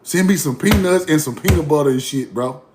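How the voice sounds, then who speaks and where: A man's voice: a little high, a little fast, noisy background. A man ranting casually to his online audience, blunt, profane and mocking, repeating himself for effect. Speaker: online commentator. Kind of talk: casual rant to camera.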